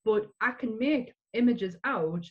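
A woman in casual film chat, talking in quick bursts with many restarts. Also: a little high, animated, slightly rough, lo-fi sound. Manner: chatty, many restarts and fillers.

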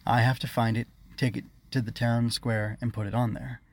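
A sly stranger knight from a children's fairy tale, calm and smug, low and gravelly in the reader's own register. A man plays him. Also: normal speed, slight background noise, close to an everyday voice. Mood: scheming.

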